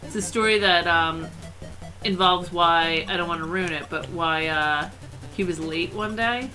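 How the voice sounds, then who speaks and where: A woman's voice: on the low side, bright, forceful tone, soft background music, low-quality recording. A woman co-hosting a stream with her husband, chatting eagerly and chiming in. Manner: chatty, eager, quick to chime in. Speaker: co-host, streamer's wife. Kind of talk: casual chat while gaming.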